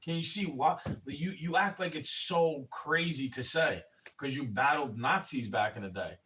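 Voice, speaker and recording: A man ranting on a livestream, rambling and swearing and calling the listener bro, getting louder in angry bursts. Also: fairly high pitch, normal speed. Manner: rambling and profane, keeps saying "bro"; angry, rising to shouting in bursts. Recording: voice a bit far from the mic.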